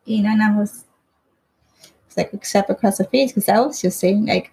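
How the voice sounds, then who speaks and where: Woman, gravelly low fry, mellow dark tone, casual rambling storytelling, swears a lot. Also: fairly even intonation, normal speed, low-quality recording. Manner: rambling, swears casually, keeps asking "right?".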